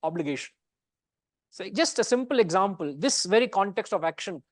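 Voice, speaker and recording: High-voiced Indian man teaching a class. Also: animated, fairly quick, dry recording, studio quality. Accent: Indian English. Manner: conversational, teasing, mixes in Indian words. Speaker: Gita teacher. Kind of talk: lecture to a study class.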